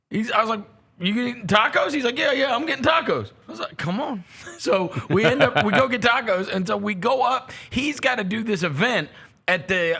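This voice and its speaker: A man hosting a sports talk show, telling a story with lively, animated delivery and acting out the people in it. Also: sits high, creaky, husky. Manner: animated, acts out voices in his stories. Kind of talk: casual storytelling chat.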